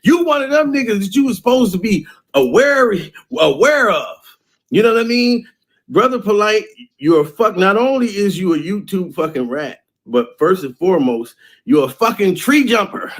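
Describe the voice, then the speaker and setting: A man ranting in a loud, mocking way, often laughing between phrases. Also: high-pitched, big pitch swings, normal speed. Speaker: vlogger. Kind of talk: profane rant.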